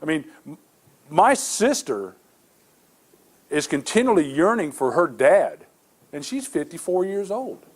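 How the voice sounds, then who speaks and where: A man's voice: fairly high pitch, very animated, measured pace, long pauses, breathy edge. A middle-aged male pastor preaching a sermon, telling stories earnestly with many repeated restarts.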